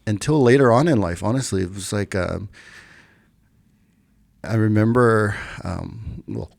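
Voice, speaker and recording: Gravelly man telling his own story. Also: lowish voice, unhurried, no echo, studio quality. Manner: animated when acting out quotes, laughs while telling. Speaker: podcast guest. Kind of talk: casual storytelling.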